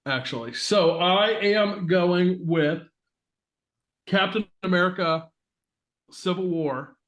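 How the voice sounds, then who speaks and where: A man's voice: sits high, takes it slowly, fairly bright tone. Upbeat man praising picks. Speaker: podcast co-host. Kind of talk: casual chat.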